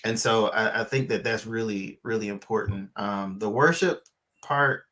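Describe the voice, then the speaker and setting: A man's voice: lowish voice, normal speed, bright, forceful tone. A man co-hosting a church talk show, chatting casually and animatedly with plenty of fillers. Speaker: co-host. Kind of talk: casual chat.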